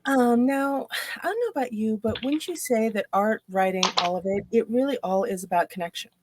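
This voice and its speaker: A woman's voice: a little high, fairly quick, noisy background. A woman hosting a casual livestream interview, chatting animatedly and reading viewer comments aloud. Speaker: host.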